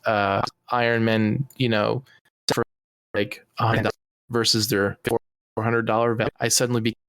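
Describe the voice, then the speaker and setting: A man's voice: on the low side, level tone, normal speed, a bit bright, no room sound. A man co-hosting a comedy podcast, chatting casually in an easygoing, rambling way with chuckles. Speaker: podcast co-host.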